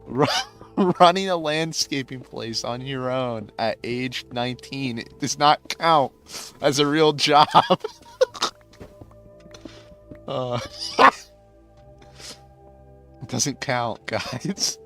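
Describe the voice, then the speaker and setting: A man's voice: medium pitch, extremely slow, pauses often, fairly bright tone, faint music behind. Rambling young man venting casually. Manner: rambling, heavy filler words. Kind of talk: casual venting while playing a game.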